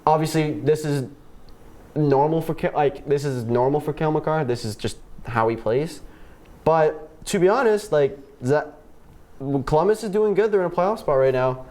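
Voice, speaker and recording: A young man with a fairly high voice co-hosting a casual sports podcast. He rattles off player numbers in a relaxed way and stumbles over fillers and restarts. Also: moderate pace. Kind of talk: casual chat reading out stats.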